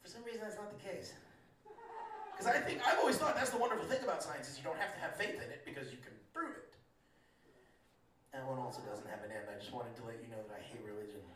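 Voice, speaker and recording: A man's voice: medium pitch, far from the mic. A man doing a stand-up set, laid-back and rambling, laughing at his own jokes. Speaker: stand-up comedian. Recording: echoey room recorded from afar with a crowd.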